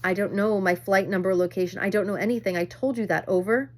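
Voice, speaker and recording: A woman's voice: mid-range voice, steady tone, fast talker, darkish tone, natural voice. A woman voicing a frightened teenage boy, sobbing and pleading for help over a plane radio. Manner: screaming, crying, pleading. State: sobbing, desperate.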